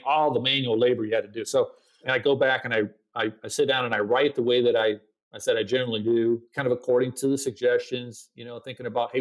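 A middle-aged man, a podcast guest, telling a story in casual interview talk and acting out his own quoted lines. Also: medium pitch. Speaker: podcast guest, agency founder.

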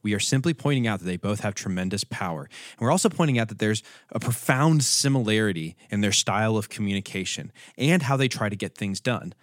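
Fast-talking man co-hosting a podcast. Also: fairly low pitch, animated, dry recording, clean studio sound. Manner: explanatory, laughs between points. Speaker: podcast co-host. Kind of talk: conversational explanation.

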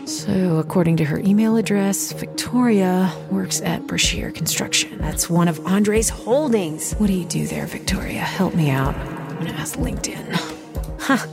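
A sardonic young hacker in an audio drama, muttering wry asides as she digs through data. Her voice has a gravelly edge, and a music score plays behind it. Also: lowish voice. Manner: wry, sardonic inner monologue. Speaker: hacker protagonist.

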